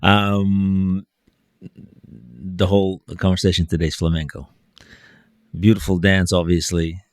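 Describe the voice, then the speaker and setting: Host: man with a very low voice, dry close sound, rambling and hesitant questioning. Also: flat delivery, unhurried, no echo. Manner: rambling questions with many restarts and fillers. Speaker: podcast host. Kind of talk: podcast interview.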